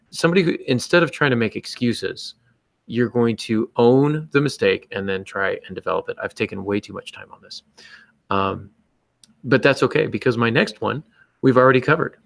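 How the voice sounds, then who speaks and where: A man's voice: medium pitch, lively intonation, moderate pace, creaky, no echo. A man co-hosting a podcast, talking in an earnest, self-deprecating way with many fillers. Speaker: podcast co-host. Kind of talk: casual podcast chat giving writing advice.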